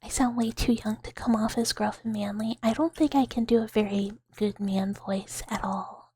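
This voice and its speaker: Breathy, whispering woman on a close mic. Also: mid-range voice, steady tone, moderate pace, no room sound. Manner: giggly, soft-spoken, chatting with viewers. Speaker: ASMR streamer. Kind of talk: whispered ASMR chat.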